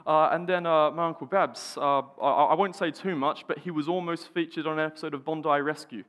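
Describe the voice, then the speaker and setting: A young Australian man giving a sermon, telling a personal story in an animated way with stammered restarts. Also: a little high, brisk. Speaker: preacher. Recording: long hall reverb.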